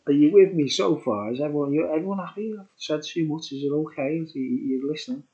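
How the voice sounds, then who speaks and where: A man's voice: fairly high pitch, normal speed, mellow. Chatty man in his sixties, lo-fi sound. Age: 60s. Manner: chatty, digressive, chuckling asides. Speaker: vlogger. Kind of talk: rambling casual storytelling to viewers. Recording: dull lo-fi recording.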